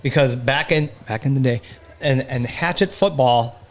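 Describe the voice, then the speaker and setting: A man's voice: medium pitch, normal speed. A man co-hosting a casual podcast chat who gets emphatic and trails off, then restarts, when worked up. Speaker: podcast co-host.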